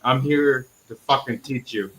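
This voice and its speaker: A young Filipino man with a Filipino accent, calling into a live stream, angry and swearing, bursting into shouts. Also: medium pitch, measured pace, low-quality recording. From Philippines. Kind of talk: heated live stream call-in.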